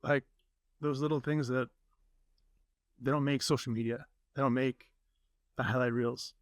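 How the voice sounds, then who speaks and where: A man's voice: mid-range voice, fairly even intonation, measured pace, no room sound, studio quality. A man hosting a podcast, talking earnestly with his guest in a casual interview. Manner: earnest, warm-hearted, many fillers. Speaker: podcast host.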